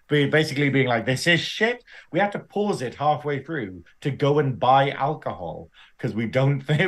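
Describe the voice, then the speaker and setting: A man co-hosting a podcast in casual chat, laughing often and swearing freely. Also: mid-range voice. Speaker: podcast co-host.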